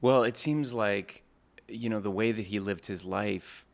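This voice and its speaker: A man's voice: lowish voice, unhurried, vocal fry. A man hosting a podcast interview, encouraging his guest with short replies. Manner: encouraging, many short affirmations. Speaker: podcast host. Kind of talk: casual interview.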